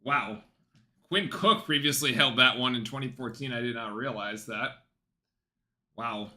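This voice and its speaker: A man at home giving casual, excitable live play-by-play commentary on a basketball game for his stream. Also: mid-range voice, a little slow. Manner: chatty, excitable, breaks off to talk softly to his dog.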